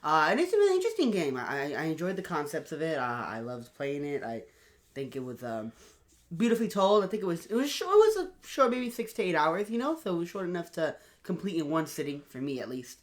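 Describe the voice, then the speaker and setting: A man co-hosting a casual podcast, upbeat and animated, with a lot of fillers. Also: on the high side, fast talker. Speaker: podcast co-host. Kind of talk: casual chat.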